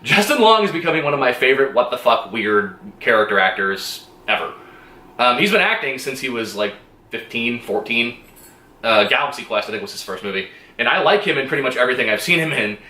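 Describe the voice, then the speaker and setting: A man's voice: medium pitch, sing-song, a little fast, bright, forceful tone, echoey room. A man giving a casual movie review, rambling and enthusiastic, swearing freely and laughing often.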